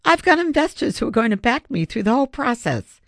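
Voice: medium pitch, animated, normal speed, gravelly, no room sound, studio quality. A narrator voicing an earnest father who sighs over money troubles. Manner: sighing, earnest. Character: worried father with an invention.

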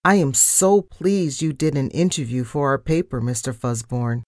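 A woman's voice: extremely low pitch, lively intonation, normal speed, a little mellow, no echo, clean studio sound. A woman voicing a flustered, polite male mouse newspaper editor in a storybook.

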